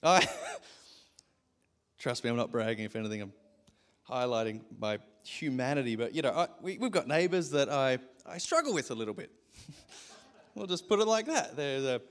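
A man's voice: mid-range voice, animated, moderate pace, pauses often, fairly bright tone. A man, a pastor preaching a sermon and telling a self-deprecating story, laughing often.

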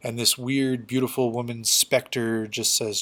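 A man's voice: mid-range voice, level tone, slow pace, a bit bright. A man giving a casual, chatty recap of a comic book story, full of loose fillers.

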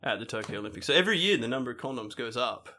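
A man's voice: mid-range voice, lively intonation, rapid-fire, pushed and bright, slight background noise. A man co-hosting a podcast in casual chat, swearing freely and laughing through his stories. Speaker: podcast co-host.

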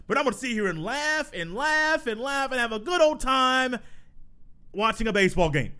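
A man with a fairly high voice hosts a solo sports podcast. He tells his stories in a loose, chatty way, laughing and repeating himself. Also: sing-song, moderate pace, pushed and bright. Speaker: podcast host.

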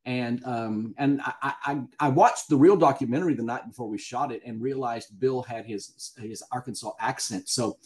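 A man's voice: mid-range voice, moderate pace, hardly any pauses, a little mellow. A man with a Southern US accent, a guest actor telling stories in a casual podcast interview and laughing often. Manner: chatty storyteller, laughs often.

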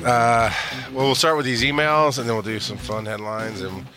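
A man's voice: medium pitch, fairly even intonation, normal speed. A man hosting a casual podcast, laughing often and poking fun at himself. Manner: laughs often, self-deprecating. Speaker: podcast host.

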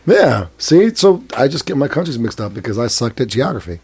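Give me a self-deprecating man on a podcast who laughs often, mid-pitched voice. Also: sing-song, a little fast, darkish tone, husky. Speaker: podcast co-host. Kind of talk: casual chat.

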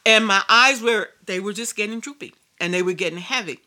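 A woman's voice: mid-range voice, a little fast, few pauses, pushed and bright. A woman preacher telling a personal story in a sermon, emphatic and repetitive. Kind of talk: sermon testimony.

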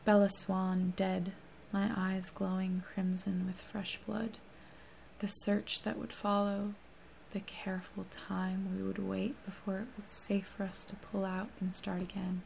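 A woman reads a first-person novel aloud in a hushed, steady voice that often sinks to a whisper. Her tone stays flat, with a strong gravelly fry, and a faint hiss of noise sits underneath. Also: mid-range voice, unhurried. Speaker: audiobook reader.

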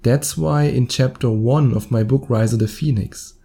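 A man with a German accent talks through his podcast alone, in his thirties. His voice is very dark and mellow, at a middle pitch. He keeps it chatty and chuckles at his own mistakes. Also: moderate pace, vocal fry. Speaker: podcast host. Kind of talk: solo podcast monologue.

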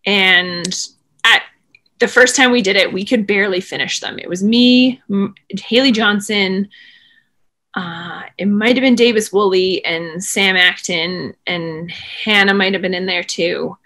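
A woman's voice: medium pitch, measured pace. Chatty woman telling a story. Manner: animated, rambling, frequent "like" fillers. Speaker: interview guest, former swimmer. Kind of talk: casual storytelling in conversation.

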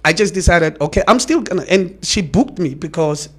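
Comedian guest with a Namibian accent, animated storyteller, voice on the higher side. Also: male voice, normal speed, breathy edge. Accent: Namibian English. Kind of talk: casual podcast chat.

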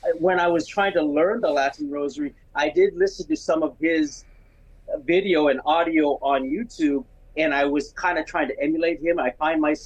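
A man as a talk show guest, speaking enthusiastically with halting restarts. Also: on the high side, steady tone, dull audio. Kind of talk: casual conversation.

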